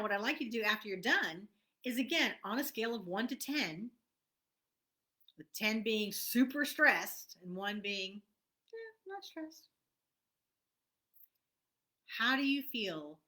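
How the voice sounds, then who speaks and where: A middle-aged woman leading a guided tapping lesson, speaking softly with repeated affirmations and sometimes dropping to a whisper. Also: mid-range voice. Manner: soft, repetitive affirmations, drops to a whisper at times. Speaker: tapping coach.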